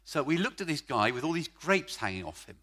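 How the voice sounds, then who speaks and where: A middle-aged man preaching a sermon at a church service, emphatic, stretching key words and swinging from loud to quiet. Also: a little high, very animated, brisk.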